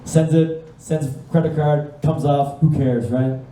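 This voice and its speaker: A man's voice: fairly high pitch, unhurried, slight background noise. A young man telling a long stand-up story on a live stage, swearing freely and acting out phone calls in different voices. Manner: animated, profane, acts out phone calls in voices. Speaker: stand-up comedian. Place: live comedy stage with audience. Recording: echoey room from a distance, faint ambience.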